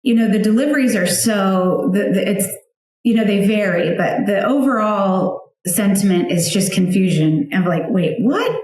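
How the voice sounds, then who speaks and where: A woman's voice: mid-range voice, normal speed, a little mellow, heavy reverb. A woman in her thirties or forties, a mother of four, telling a heartfelt personal story in a chatty, emotional way with many fillers. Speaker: guest, founder of a flower outreach for widows.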